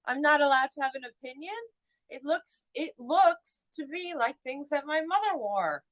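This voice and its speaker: Female guest, defensive, talks back; high and animated. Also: moderate pace, dry recording, rough recording. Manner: defensive, talking back with laughs. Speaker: livestream guest.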